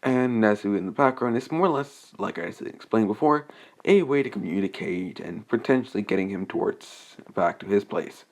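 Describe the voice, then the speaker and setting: A man's voice: fairly low pitch, animated, normal speed. A young man casually recapping a fan-made story, rambling and hesitant, with many restarts and fillers.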